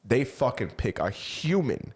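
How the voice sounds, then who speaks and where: Laid-back dude cohosting a podcast, mid-pitch voice, lots of yeah yeah. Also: male voice, sing-song, measured pace, darkish tone. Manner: laid-back, chimes in with short agreements. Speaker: podcast co-host. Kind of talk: casual chat.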